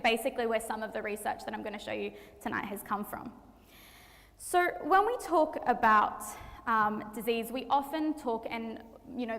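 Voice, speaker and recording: A woman's voice: fairly high pitch, creaky, fairly bright tone. Chatty young woman in a hall. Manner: chatty, laughs easily, many fillers. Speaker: medical student presenter. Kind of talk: health presentation to an audience. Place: church hall. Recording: reverberant hall.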